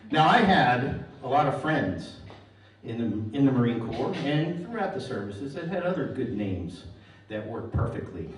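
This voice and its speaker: A middle-aged man with a mid-range voice performs stand-up on stage in a large hall, telling stories dryly and landing puns as punchlines. The echoey recording has a distant mic, a little hiss or hum, and the live audience's laughter.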